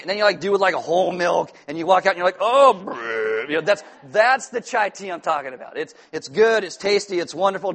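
A man preaching a sermon as pastor, telling stories in a lively, self-mocking way with asides to the congregation. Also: sits high.

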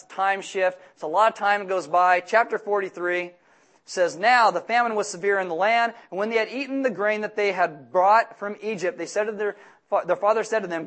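A middle-aged man preaching a sermon with humorous asides, telling jokey stories and breaking into loud, emphatic outbursts. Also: sits high. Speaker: pastor.

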